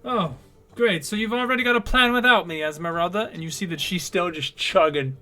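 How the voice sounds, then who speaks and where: A man's voice: sits high, fairly quick, bright, forceful tone. A man voicing a foul-mouthed, hard-drinking woman official. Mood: brusque. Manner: crude, blunt, exasperated.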